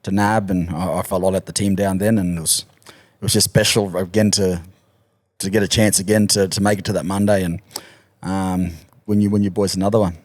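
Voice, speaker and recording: Laid-back man, lowish voice. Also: flat delivery, darkish tone, dry recording, studio quality. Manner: laid-back, halting, laughs easily. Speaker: podcast guest, rugby league player. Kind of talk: casual storytelling chat.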